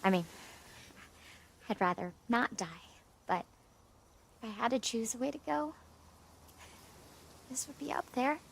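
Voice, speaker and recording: A woman's voice: on the high side, expressive, unhurried, creaky, pauses often, a little hiss or hum. A woman voicing a weary, resigned explorer.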